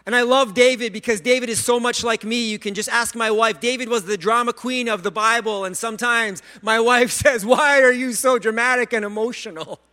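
A male pastor preaching a sermon, earnest and animated, stumbling over repeated words and joking about himself. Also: extremely high pitch, brisk, hardly any pauses. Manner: self-deprecating humor.

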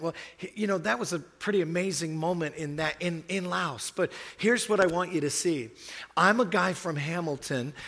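A man's voice: fairly high pitch, fairly bright tone, long reverb tail. A man preaching a sermon to a congregation, telling a story and then urging the listeners on with rising emphasis. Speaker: pastor. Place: church hall.

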